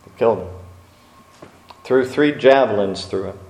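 A man preaching a sermon, speaking slowly with dramatic pauses and acting out quotes from scripture stories. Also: mid-range voice, gravelly, a little mellow. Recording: echoey room.

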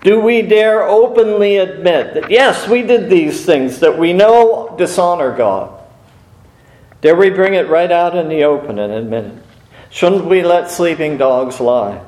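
A man preaching a sermon in an earnest, measured way, with brief pauses and small restarts. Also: sits high, lively intonation, darkish tone. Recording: echoey room.

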